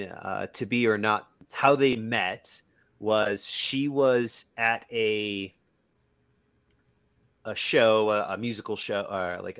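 A man's voice: on the low side, a bit bright, smooth, no room sound. A man co-hosting a casual podcast, telling anecdotes in a rambling way with many fillers and restarts. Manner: rambling storyteller, acts out quoted voices. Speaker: podcast co-host.

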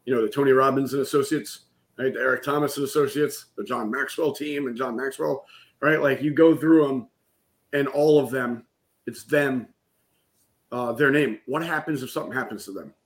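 A man's voice: medium pitch, normal speed. A middle-aged man in a conversation, telling an emotional personal story in a candid way and often checking in with "right?". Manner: candid, keeps saying "right?". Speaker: guest, business coach.

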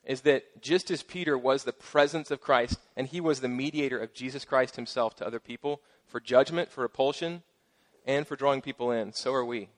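A middle-aged man preaching a sermon as pastor, casual and playful with joking asides and lively emphasis. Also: mid-range voice, brisk.

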